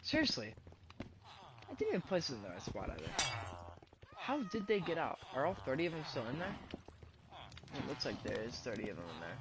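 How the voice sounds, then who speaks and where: A man's voice: mid-range voice, wildly swooping pitch, brisk, long pauses, noisy background. A man commentating his game casually, muttering to himself, puzzled and swearing, counting aloud under his breath. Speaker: gamer.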